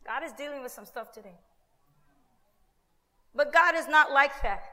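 A woman pastor preaching a lively sermon, acting out quoted voices with asides to the congregation. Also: high-pitched, moderate pace, big-room sound.

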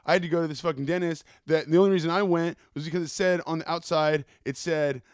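A man's voice: a little high, fairly even intonation, fast, smooth, dry recording. A man hosting a podcast, telling rambling stories in a casual, profane monologue into a close mic. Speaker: podcast host.

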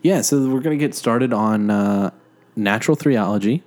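A man's voice: on the low side, moderate pace, a little mellow. Casual male podcast co-host, self-deprecating, rambly, filler-heavy, recorded at home. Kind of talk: casual joking podcast chat. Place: living room.

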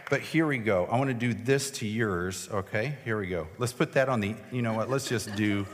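A man's voice: on the low side, moderate pace. A man preaching in a large hall, his voice trailing off into a long reverb. He talks in a casual, joking way and makes fun of himself while bringing volunteers up front. His voice is a little cracked. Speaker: pastor. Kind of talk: sermon with a live object lesson.

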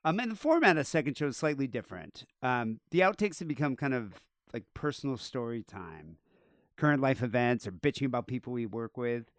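A male podcast host chats in a relaxed way and makes crude, offhand jokes. His voice is smooth and clean at an ordinary pitch. It is recorded dry and close to a studio mic. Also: no echo. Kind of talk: casual chat.

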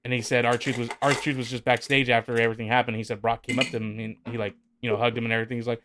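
A man co-hosting a casual wrestling podcast, telling stories and acting out quotes in an animated way. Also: mid-range voice, very fast, hardly any pauses, background noise. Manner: animated storyteller, acts out quotes. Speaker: podcast co-host. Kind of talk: casual chat.

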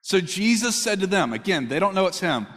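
High-voiced preacher in a reverberant hall. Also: male voice, very animated, fairly quick, fairly bright tone. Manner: conversational, asks the congregation questions. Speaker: pastor. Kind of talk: sermon. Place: church hall.

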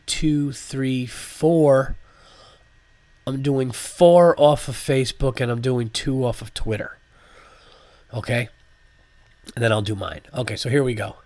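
A man's voice: mid-range voice, no room sound. A congested male comedian holds forth on his own podcast, his mid-range voice sounding stuffy from a cold. His talk is loose and profane, with plenty of fillers. The sound is dry and close, with no room around it. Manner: animated, profane, rambling with fillers. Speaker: podcast host, stand-up comedian. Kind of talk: casual solo podcast monologue.

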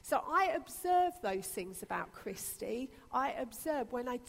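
A woman's voice: on the high side, very animated, a little slow, vocal fry. A woman pastor preaching a sermon with earnest, repetitive emphasis. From Britain. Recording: long reverb of a church hall.

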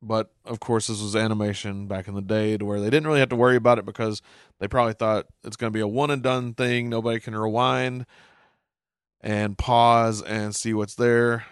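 A man's voice: lowish voice, steady tone, brisk, clean tone, dry recording, studio quality. Chuckling man recapping a cartoon. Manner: chuckles often, reads out captions. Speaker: show recap host. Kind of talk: casual episode recap commentary.

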